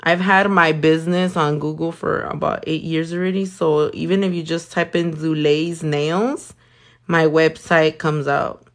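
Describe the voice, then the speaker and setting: A woman's voice: sits low, steady tone, a little slow. Sassy, foul-mouthed nail artist woman. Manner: sassy, swears a lot, mixes in Spanish. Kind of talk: casual livestream chat while working.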